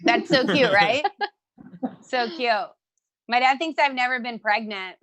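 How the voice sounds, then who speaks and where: A young woman performs stand-up over a video stream, loud and giggly as she confides in her audience. Her voice sits high, and the sound is dry and close, with no room echo. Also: unhurried. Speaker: stand-up comedian. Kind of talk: online stand-up set. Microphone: handheld mic held to a phone.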